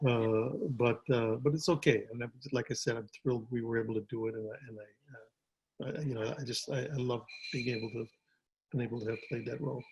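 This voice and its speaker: An older man, an actor, telling stories in a relaxed interview from his home over a video call, with frequent restarts and repeated words. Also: medium pitch, a little fast, slightly rough, highs cut off. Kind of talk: casual storytelling interview.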